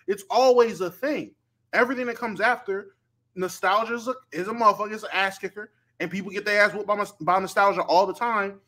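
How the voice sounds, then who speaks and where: Emphatic high-voiced man arguing. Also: sharp tone. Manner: emphatic, argumentative, slangy. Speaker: podcast co-host. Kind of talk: casual debate chat.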